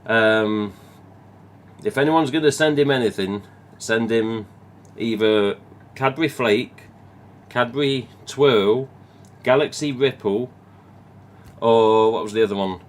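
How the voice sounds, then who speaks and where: Taking it slowly in a mid-range voice, a man from England with a Midlands accent hosts a live stream. He chats casually, reads viewer comments, rambles and swears now and then.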